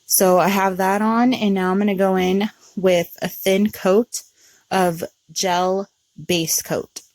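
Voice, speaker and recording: A woman hosting a nail art tutorial, talking through each step in a relaxed, chatty way with frequent ums. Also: medium pitch, slow pace, no echo. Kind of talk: casual step-by-step tutorial narration.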